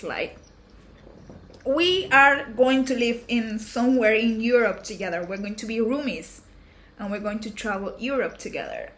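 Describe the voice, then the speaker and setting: A woman in her twenties hosting a podcast, talking in a chatty, emotional way with lots of fillers and restarts. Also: fairly high pitch. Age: 20s. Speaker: podcast host. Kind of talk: casual personal chat. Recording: roomy echo with faint background hum.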